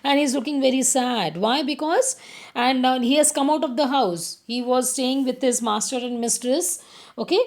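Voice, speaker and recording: A woman's voice: high-pitched, a little mellow. Woman teacher telling a children's story. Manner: explains slowly, asks the class questions. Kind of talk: storytelling lesson for young children.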